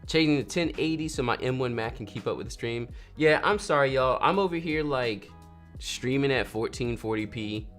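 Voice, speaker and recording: A man's voice: medium pitch, normal speed. A man, casually chatting with viewers on his photography livestream and joking as he reads their messages. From North Carolina, USA. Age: 30s. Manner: lively, jokey, reads chat aloud, acts out quotes. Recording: faint music behind.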